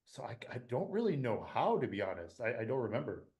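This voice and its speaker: A young man from Michigan hosting a casual podcast, talking in a rambling, excitable way full of fillers. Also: medium pitch, a little fast. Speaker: podcast host.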